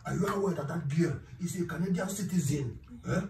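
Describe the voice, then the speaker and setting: A man's voice: fairly high pitch, brisk, vocal fry. An actor playing a bossy, mocking village man who scolds and keeps asking "eh?". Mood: scolding. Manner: scolding, repeating "eh?". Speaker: actor in a comedy skit. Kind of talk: skit acting. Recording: echoey room, distant mic, noisy.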